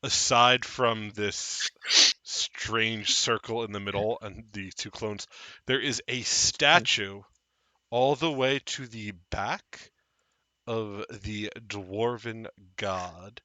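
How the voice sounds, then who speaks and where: A man narrating as game master of a tabletop game in measured, descriptive narration. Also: fairly low pitch, steady tone, sharp tone, dry recording.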